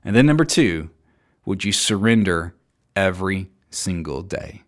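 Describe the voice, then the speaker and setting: Earnest low-voiced man preaching. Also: expressive, measured pace. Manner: earnest, emphatic, drops low and soft on key points; reads scripture aloud and acts out quoted voices. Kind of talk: sermon.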